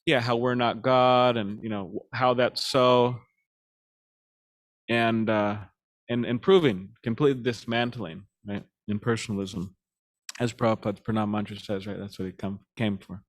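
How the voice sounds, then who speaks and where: A man giving a devotional class, speaking in a halting way with many fillers and restarts, chuckling now and then as he tells stories. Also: lowish voice, fairly even intonation. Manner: chuckles while telling stories.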